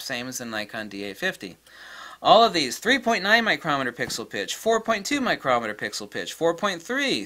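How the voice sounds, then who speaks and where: A middle-aged man hosts a photography channel, his voice on the high side, pushed and bright. In an emphatic solo tech rant he speaks bluntly, repeating his key points.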